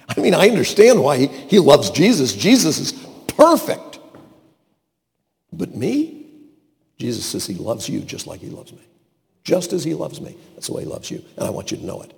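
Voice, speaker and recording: A man preaching a sermon, swinging from loud declarations to hushed asides and acting out quotes. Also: a little high, wildly swooping pitch, normal speed, vocal fry, pauses often. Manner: dramatic shifts from loud to hushed, acts out quotes. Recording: long hall reverb.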